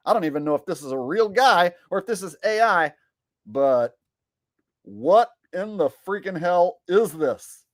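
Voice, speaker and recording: Male commentary vlogger, profane exasperated rant, very lively pitch, dry close sound. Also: a little slow, no room sound. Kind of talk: ranting commentary.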